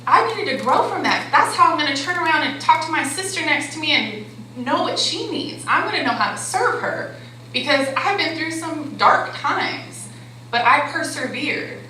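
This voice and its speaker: A woman's voice: sits high, expressive, normal speed, sharp tone. A woman life coach giving a motivational talk to a live audience. She speaks conversationally and keeps checking in with the crowd. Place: conference hall. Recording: very echoey hall with faint background noise.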